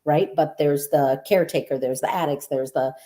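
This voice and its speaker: This is a woman hosting a casual podcast conversation. Her voice sits very low for a woman, and she speaks in an earnest, affirming, reflective way, like a coach. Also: normal speed, mellow.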